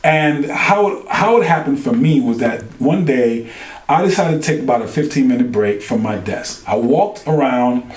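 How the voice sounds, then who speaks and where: Animated New man telling a story. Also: mid-range voice, moderate pace, roomy sound. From New York. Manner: animated, acts out quoted dialogue with colloquial slang. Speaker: podcast co-host. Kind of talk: casual storytelling chat.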